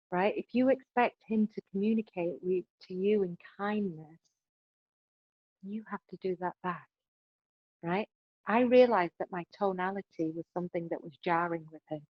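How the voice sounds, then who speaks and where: A woman's voice: medium pitch, no echo. Woman giving advice, dull dry audio. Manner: emphatic, keeps adding "right?". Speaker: podcast guest. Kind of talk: relationship advice conversation.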